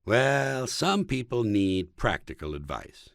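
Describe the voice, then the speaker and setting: A man from the United States reads his own comic book in a studio. His delivery is sardonic and mocking, and he jabs home each punchline. His pitch swings widely from line to line, and the recording is close and dry. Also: sing-song, moderate pace, no room sound. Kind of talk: comic audiobook reading.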